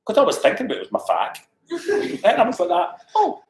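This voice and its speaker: Animated man telling a story. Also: high-pitched, fast talker, vocal fry. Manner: animated, laughs often, acts out quoted voices. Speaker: interview guest. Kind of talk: anecdotal storytelling. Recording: echoey room, faint noise.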